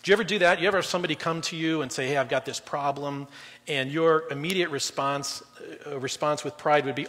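Middle-aged male preacher, husky tone, fairly high voice, conversational sermon with loud and soft swings. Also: fast talker. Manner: conversational preaching, swings between loud emphasis and quiet drops. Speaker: guest pastor. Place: church auditorium. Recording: long reverb in a large hall.

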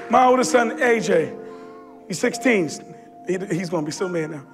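High-voiced preaching pastor, fervent. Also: male voice, lively intonation, normal speed, pauses often, over music, a crowd in the background. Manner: impassioned preaching, shouting at peaks. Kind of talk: sermon. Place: church sanctuary.

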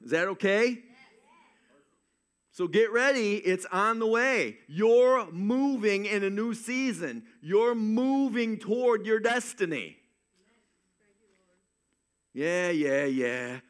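A man delivers a lively, folksy sermon from the pulpit of a church. His voice sits notably high for a man, and he keeps it loose and joking as he drives his points home. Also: slow, long pauses, smooth. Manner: energetic, joking, folksy preaching. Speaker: pastor. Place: church sanctuary.

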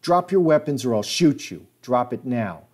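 A man's voice: mid-range voice, normal speed, mellow, close to an everyday voice. Man doing a stern commanding police supervisor.

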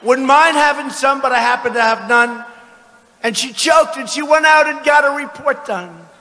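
A man in his seventies giving a political rally speech in an arena, boastful and mocking, often breaking into shouts. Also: very high-pitched, moderate pace. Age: 70s. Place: large arena with crowd. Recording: arena with long reverb.

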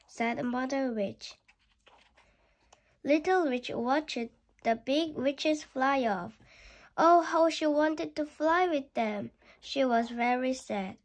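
A woman reading a children's picture book aloud, careful and deliberate, with small slips. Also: high-pitched. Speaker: reader.

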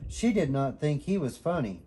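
A father reading a children's bedtime story aloud, with an expressive, animated reading. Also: on the high side, normal speed, slightly rough.

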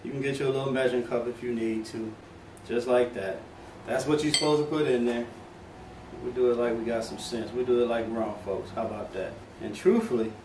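A man's voice: mid-range voice, recorded from a distance. A middle-aged man walks viewers through a home recipe in a loose, joking way, full of slang and asides. His mid-range voice sits back from the mic, with the room echoing around it and a faint hum of background noise. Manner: playful, joking, talks straight to viewers in Southern US slang. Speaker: home cooking video host. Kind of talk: casual cooking demonstration. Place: home kitchen.

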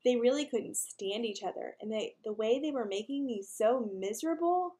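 Children's story reader, woman, lively and fairly high-voiced. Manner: animated, slows for emphasis, asks listeners questions. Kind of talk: reading a children's chapter book aloud.

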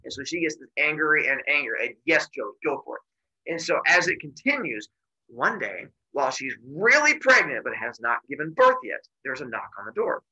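A man teaching a class by retelling a myth in an animated, jokey way with deadpan asides. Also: mid-range voice, normal speed, poor audio. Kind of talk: comic myth storytelling to a class.

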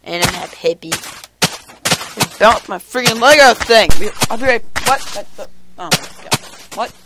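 A man's voice: high-pitched, lively intonation, a little slow. A male gamer rambling hyperactively over his gameplay, giggling and making random noises. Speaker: gameplay commentator. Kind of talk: casual let's-play commentary. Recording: noisy home recording.

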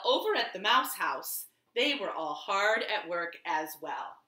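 Lady reading a kids' story at home, slow and bouncy, bright voice, echoey room. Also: mid-range voice. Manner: expressive and animated. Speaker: children's librarian. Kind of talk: storytime read-aloud.

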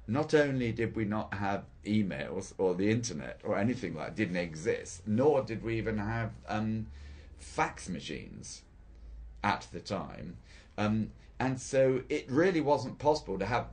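An older man, a theatre director, recalling his work in an interview, thoughtful and hesitant with frequent pauses and restarts. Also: deep voice. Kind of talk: reflective interview recollection.

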